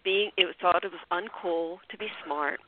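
A woman's voice: lowish voice, moderate pace, background noise. A woman hosting a podcast, chatting casually and hesitantly as she tells a story. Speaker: host. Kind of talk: podcast interview chat. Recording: tinny phone-line sound.

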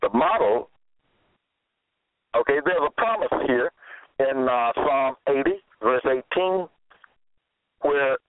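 A man delivers a sermon in an unhurried, deliberate way, pressing and scolding his listeners and returning to the same phrases again and again. His fairly high voice rises and falls with real animation. It comes through a narrow, phone-like line with a dry, close sound. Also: lively intonation, dry recording. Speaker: preacher.

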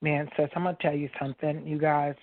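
A woman's voice: sits low, flat delivery, fast talker, no echo. A woman guest on a radio talk show, earnestly telling a personal faith story and speaking straight to the listeners. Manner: earnest, storytelling, addresses listeners as you guys. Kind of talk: casual faith testimony. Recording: tinny phone-like line.

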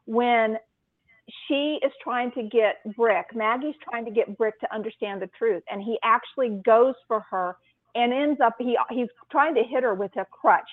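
Animated female writing teacher, slightly high voice, dry and phone-thin. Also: moderate pace, no echo. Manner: animated storyteller, retelling scenes with emphasis. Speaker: writing podcast co-host. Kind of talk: casual chat. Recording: tinny phone-line sound, dry.

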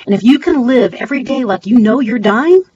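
A woman's voice: on the high side, expressive, brisk, a little mellow. A middle-aged woman, a guest on a podcast interview, telling her story earnestly and acting out quoted voices. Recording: slightly dull audio with faint hiss.

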